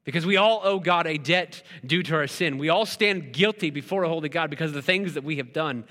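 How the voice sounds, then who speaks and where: A man's voice: fairly high pitch, brisk, bright, forceful tone. A pastor in his thirties preaching a sermon, telling stories conversationally with frequent "right?" asides. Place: church sanctuary. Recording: long hall reverb.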